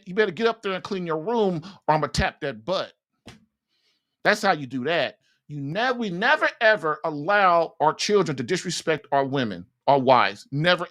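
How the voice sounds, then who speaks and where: A man's voice: high-pitched, pushed and bright. A man hosting a podcast, giving blunt, folksy marriage advice. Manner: blunt, folksy, laughs at his own points. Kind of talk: casual advice monologue.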